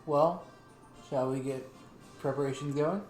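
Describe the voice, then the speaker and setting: A man playing a tabletop role-playing game, asking quick, playful questions. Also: fairly high pitch, a little mellow. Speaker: player. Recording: roomy, music behind.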